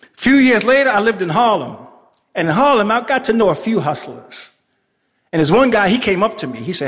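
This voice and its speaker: A man with a Bronx accent tells a comic story live on stage, with a voice pitched very high for a man. He is animated, bursting into shouts for effect. His voice carries into a long, ringing hall reverb. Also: fairly quick. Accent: New York, Bronx.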